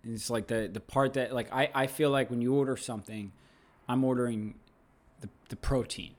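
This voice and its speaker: A man's voice: mid-range voice, steady tone, moderate pace. A man co-hosting a podcast in casual banter, playful and mock-pondering, laughing often. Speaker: podcast co-host.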